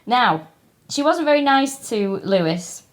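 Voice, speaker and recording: A woman's voice: fairly high pitch, lively intonation, a little slow. Wry woman reading out facts on a podcast. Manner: wry, self-mocking, reads out facts. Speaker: podcast co-host. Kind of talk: casual comedic chat.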